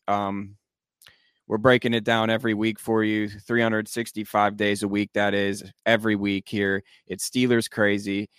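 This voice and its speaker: A man's voice: on the low side, clean tone, dry recording, clean studio sound. A man hosting a sports podcast, wrapping up the episode in an upbeat promotional sign-off. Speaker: podcast host. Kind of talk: casual sports chat and show outro.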